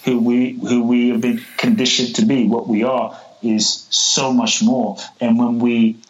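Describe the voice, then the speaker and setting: A man telling a parable in a podcast interview, animated and repeating words as he acts out the characters. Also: mid-range voice, measured pace, low-quality recording. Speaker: guest, spiritual teacher.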